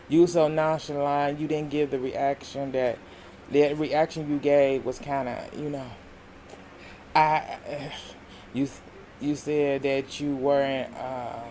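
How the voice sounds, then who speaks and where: A man's voice: a little high, a little hiss or hum. A man casually recapping a reality TV episode, retelling the scenes with lots of laughter and acting out what the cast said. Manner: animated retelling, voicing the cast's lines, laughing often.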